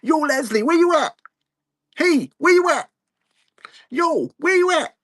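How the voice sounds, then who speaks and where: A man putting on the voice of a loud, high-voiced woman friend who hollers sing-song greetings. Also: animated, a little slow, no echo, clean studio sound, full character voice. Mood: hollering. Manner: shouty, sing-song calls.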